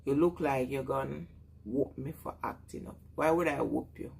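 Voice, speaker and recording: A woman's voice: very deep voice, moderate pace, vocal fry, darkish tone, slightly rough. A woman with a Jamaican accent chatting casually on a live stream, greeting viewers and laughing often.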